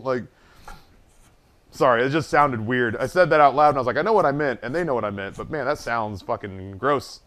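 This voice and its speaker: A man's voice: medium pitch, normal speed, a bit bright. A man streaming live, telling a long story from his waiting days in a casual, profane, self-deprecating way.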